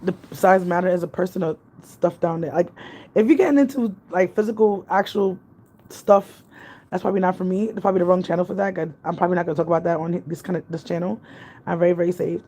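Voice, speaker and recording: A woman's voice: on the low side, steady tone, quick pace, warm tone. A woman, chatting casually on a livestream, rambling between thoughts and reading out viewer comments. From Jamaica. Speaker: vlogger. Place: apartment in the city. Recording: faint background noise.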